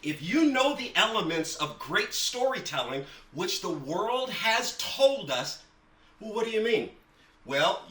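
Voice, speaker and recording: Emphatic male writing instructor, higher voice, casual class talk, echoey room mic. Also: sharp tone, distant mic. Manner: emphatic, repeats words for stress.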